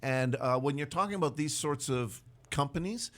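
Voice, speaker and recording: A man, a city manager speaking as a radio interview guest, measured and candid with dry sarcastic asides. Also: a little high.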